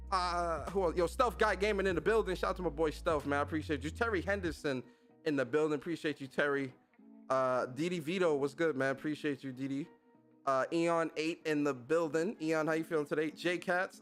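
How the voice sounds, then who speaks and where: Slangy, lively male podcast host. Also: a little high, brisk, faint music behind. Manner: energetic, slangy shout-outs to chat. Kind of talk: casual livestream chat.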